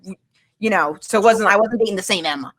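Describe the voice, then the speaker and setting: A woman's voice: medium pitch, fast talker, fairly bright tone. A woman in her thirties from Maine, telling a personal story in casual chat, candid and rambling with lots of fillers and restarts. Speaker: guest.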